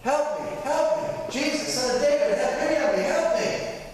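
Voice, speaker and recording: A man doing a desperate pleading mother, high. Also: animated, moderate pace, a little mellow, a little hiss or hum. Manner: pleading, crying out. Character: desperate Canaanite mother begging for help. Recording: echoey church hall, mic from far.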